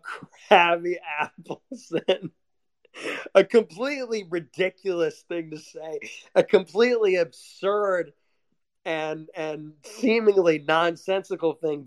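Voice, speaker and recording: A young man with a somewhat high voice, rambling in a casual, sardonic rant. He swears freely and breaks into laughs between complaints. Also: slow.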